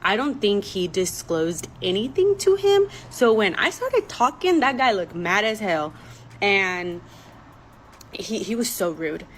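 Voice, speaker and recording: A woman's voice: mid-range voice, big pitch swings, unhurried, fairly bright tone, slight background noise, poor audio. A young woman telling a personal story in a casual vlog, emotional and rambling, with many "like" fillers. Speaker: storytime vlogger.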